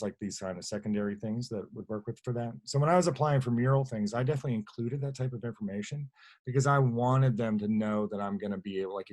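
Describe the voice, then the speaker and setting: A man's voice: fairly low pitch, darkish tone. A man, a guest artist on a webinar video call, answering questions in a rambling, plainspoken way and often correcting himself mid-sentence. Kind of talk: webinar talk.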